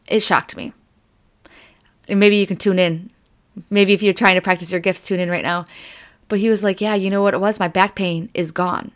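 A woman's voice: lowish voice, clear, resonant tone. A woman hosting a psychic podcast, reading oracle cards in a loose, chatty way, full of "like" and "you know", and moved close to tears. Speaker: psychic medium podcast host. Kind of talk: casual oracle card reading.

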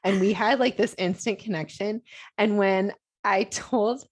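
A woman's voice: medium pitch, steady tone, a little slow, slightly rough. A woman co-hosting a podcast as a homeschooling parent, telling a rambling story in casual chat with lots of filler words. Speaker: podcast co-host.

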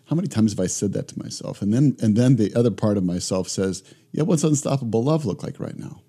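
Man, middle-aged, gravelly low voice, animated storyteller, interview guest. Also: fast. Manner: animated storyteller who acts out both sides of conversations. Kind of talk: reflective conversational storytelling.

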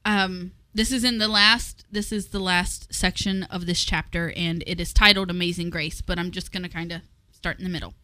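A woman co-hosting a faith-based parenting talk show, reading passages aloud and speaking frankly about her own mistakes. Her voice is bright and slightly low. The recording is dry and close. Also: fairly even intonation, normal speed, hardly any pauses, no echo. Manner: plain and frank, with frequent "um" fillers. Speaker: co-host, parent.

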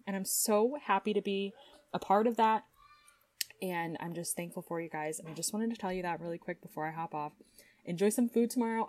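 A woman's voice: fairly low pitch, fairly quick, a little mellow, dry recording. Young woman, podcast host, casual heartfelt chatter, dry booth sound. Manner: chatty and heartfelt, with fillers and laughs. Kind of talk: casual solo podcast talk.

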